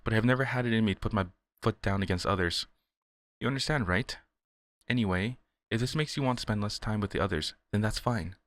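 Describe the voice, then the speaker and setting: A man reading the lines of a gentle, apologetic teenage club president from a visual novel. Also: fairly low pitch, fast, close to an everyday voice. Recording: game music behind.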